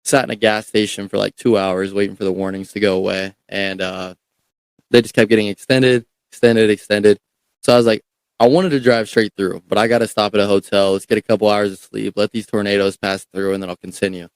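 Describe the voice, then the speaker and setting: A young man recounts a story as a podcast guest, talking casually and swearing freely. His voice sits on the low side, and the recording is dry and close with no room sound. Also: fairly quick, smooth, no room sound. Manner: animated, profane, repeats words.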